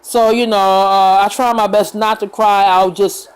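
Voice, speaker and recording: Earnest woman vlogging in a gentle voice. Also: medium pitch, fairly even intonation, clear, resonant tone, rough recording. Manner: unhurried, with fillers and pauses. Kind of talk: casual talk to camera.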